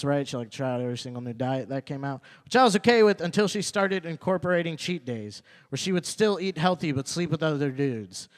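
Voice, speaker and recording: A young male comedian working a small club open mic with a slightly high, easy voice. He tells stories loosely, says his punchlines twice and slips into quick acted-out lines from other people. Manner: loose storytelling with repeated lines and acted quotes. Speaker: stand-up comedian. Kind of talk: stand-up comedy set.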